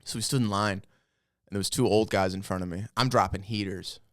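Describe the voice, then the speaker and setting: A man's voice: fairly low pitch, steady tone, a little fast, no room sound, studio quality. A young man co-hosting a podcast, telling anecdotes in casual chat, acting out the people in them and swearing freely. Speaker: podcast co-host.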